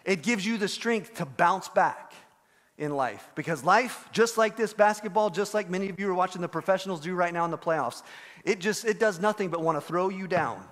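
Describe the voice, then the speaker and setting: A man preaching a sermon as pastor, telling a story and acting out the quoted voices with animated delivery. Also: sits high, normal speed, big-room sound. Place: church sanctuary.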